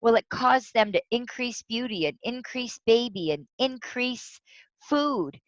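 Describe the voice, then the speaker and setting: Animated woman telling a story. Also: a little high, unhurried, no room sound. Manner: animated, tells stories with quoted voices. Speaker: guest speaker. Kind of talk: storytelling interview. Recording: dull lo-fi sound.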